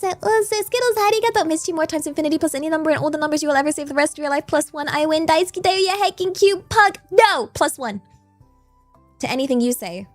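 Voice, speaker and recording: A woman from England with a West Country accent chats casually with her live-stream audience in a voice that sits high, captured in a dry recording. She's playful and giggly and thanks chat in Japanese.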